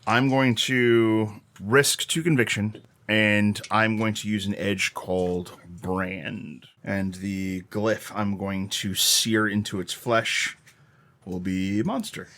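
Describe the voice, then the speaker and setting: A man with a fairly low voice plays a tabletop horror game. He talks eagerly through his rolls and rules, swearing casually. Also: steady tone, takes it slowly, a bit bright. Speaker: player.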